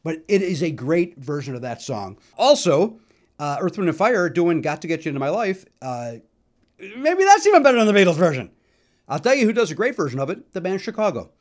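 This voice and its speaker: A middle-aged male comedian hosting his own podcast, telling self-mocking stories about records, with loud bursts and mumbled asides. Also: high voice, very animated, brisk. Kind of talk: comic solo monologue about records.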